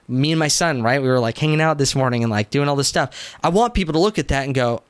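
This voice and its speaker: A young man, a business coach, telling his story in a casual interview, animated, acting out quotes and using "like" often. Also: medium pitch, fast talker, few pauses, dry recording. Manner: animated, acts out quotes, frequent "like" fillers.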